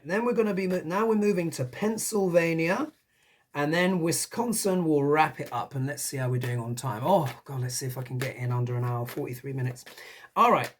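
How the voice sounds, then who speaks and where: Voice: medium pitch, a little hiss or hum. A tarot reader giving a casual, musing reading, talking it through aloud and often tossing in rhetorical questions.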